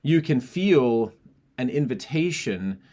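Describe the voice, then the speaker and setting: A man's voice: medium pitch, expressive, slow, dark tone. A male voice teacher explaining how breath affects the larynx, breaking into short sung and spoken demonstrations. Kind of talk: singing lesson.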